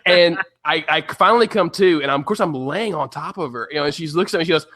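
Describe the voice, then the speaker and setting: A man's voice: on the high side, quick pace, sharp tone. A man from Tennessee, a podcast co-host, telling stories and ranting in a casual chat, swearing freely.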